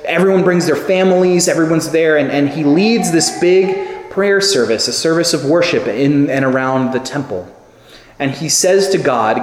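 A man preaching a sermon, telling stories with lively acted-out quotes. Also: on the high side, normal speed. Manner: animated storytelling with acted quotes. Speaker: pastor. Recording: echoey hall with long reverb.

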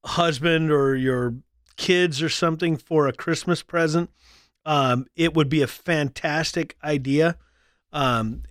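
Man, podcast co-host, rambling, restarts, slightly high pitch, dry. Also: clean tone, no echo. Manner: easygoing, rambling, many restarts. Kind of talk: casual chat.

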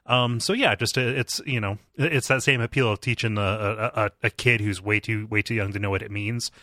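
A man's voice: lowish voice, fairly quick, sharp tone, no echo, studio quality. A man hosting a casual book-discussion podcast, explaining at length with lots of fillers. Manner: rambling, filler-heavy explaining. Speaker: podcast host.

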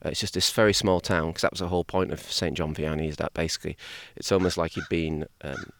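Brief: male priest, playful interview guest, lowish voice, dry close sound. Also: vocal fry, dry recording. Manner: jokey, animated, quick to do voices. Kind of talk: casual interview chat. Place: outdoors by a lake at a camp.

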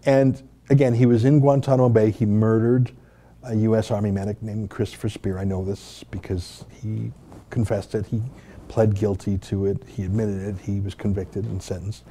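A man from Canada delivers emphatic, indignant commentary to camera. His voice is very dark and mellow and sits a little low, and he presses his points with rhetorical questions. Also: level tone, normal speed. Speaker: host and commentator.

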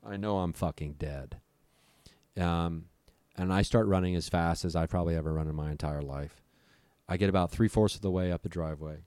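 A young man with a low, deep voice recounts a scary night in casual conversation. He talks vividly and profanely, slipping into the voices of the people in the story. The recording is close and dry. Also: fairly even intonation, a little fast, a little mellow, clean tone, no room sound. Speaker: storyteller guest.

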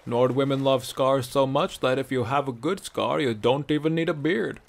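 A man voicing an older male Nord ex-legionnaire who boasts and teases, gruff and matter-of-fact. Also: mid-range voice, moderate pace, voice pushed up, lightly acted. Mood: joking.

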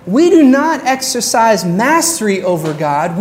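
A woman pastor preaching a sermon in an earnest way, slowing down on her key phrases. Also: medium pitch, lively intonation, darkish tone.

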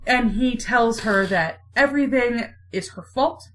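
A woman co-hosting a podcast, casually retelling a play with playful quick mock voices. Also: on the high side, noisy background.

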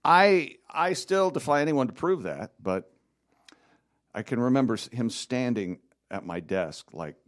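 Lively, wry man telling stories. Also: medium pitch, measured pace. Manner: wry storyteller, animated and self-mocking. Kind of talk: casual chat.

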